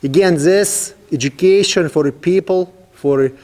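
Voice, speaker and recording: A horsemanship trainer, a man with a slightly high voice, walks students through his method with patient repetition. His carries a phrasing, and long reverb trails behind his words. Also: a little slow, warm tone. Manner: repetitive, instructive, non-native phrasing. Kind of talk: outdoor training demonstration. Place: outdoors with a horse.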